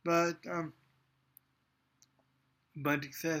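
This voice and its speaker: Slow, hesitant man reviewing anime. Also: fairly high pitch, fairly even intonation, a bit bright. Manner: hesitant, many ums and restarts. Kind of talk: casual spoken review.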